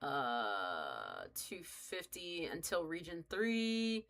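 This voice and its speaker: A woman's voice: low-pitched, sing-song, very slow, vocal fry, fairly bright tone. A young woman streaming a game, rambling casually, joking and swearing as she chats with her viewers. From United States. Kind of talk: casual live-stream chat while playing.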